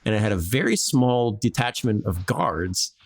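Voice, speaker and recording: A man's voice: on the low side, moderate pace, creaky. Guy on a podcast spinning a history yarn, loose and chatty, acts out the quotes. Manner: animated, acts out quotes in a jokey voice, lots of "like". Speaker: podcast host telling a history story. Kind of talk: casual storytelling chat.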